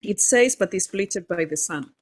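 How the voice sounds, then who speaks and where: A woman's voice: medium pitch, animated, normal speed. A woman narrating as game master of a tabletop game, describing scenes with a hesitant manner. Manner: hesitant, many fillers and restarts while describing.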